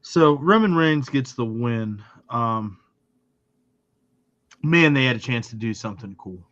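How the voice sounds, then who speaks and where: Measured man on a dull mic. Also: medium pitch, lively intonation, fairly bright tone. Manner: measured, many fillers. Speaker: podcast co-host. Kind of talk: casual chat.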